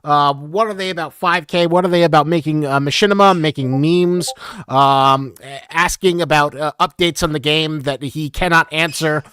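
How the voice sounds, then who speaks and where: A man hosting a community live stream, reading out viewer questions in a casual, halting way with lots of fillers. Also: fairly high pitch, fairly even intonation, pushed and bright, clean tone. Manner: halting, many fillers, chuckles often.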